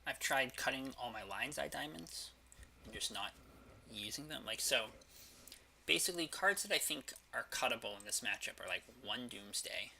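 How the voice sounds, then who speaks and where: A man's voice: medium pitch, lively intonation, moderate pace, gravelly, pushed and bright, slight background noise. A man casually commenting on his card game as he plays, thinking aloud with hesitations and the odd curse. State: has the hiccups.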